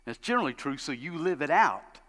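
A high, bright-voiced man preaches a sermon from a church sanctuary, his voice ringing with a long hall reverb. He is animated and tells stories, slipping into the voices of the people he describes. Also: a little fast. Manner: animated, acts out quoted parents in high voices. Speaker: pastor.

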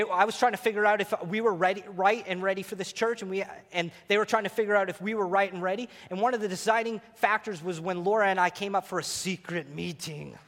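A man preaching a sermon as pastor, animated and playful, speaking to a congregation. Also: sits high, big-room sound. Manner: animated, preacherly, acts out voices. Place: church sanctuary.

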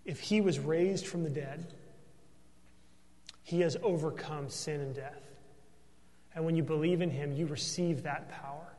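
A man's voice: a little high, unhurried, long pauses, darkish tone, in a large hall. A man preaching a sermon as pastor, earnest and emphatic, often tossing in a questioning "right?" to the congregation.

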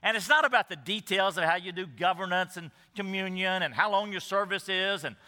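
A man preaches from the pulpit, his voice high and bright, almost piercing. He leans on words with deliberate pauses. The sound rings out through a reverberant church hall. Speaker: pastor. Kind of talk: sermon. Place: church sanctuary.

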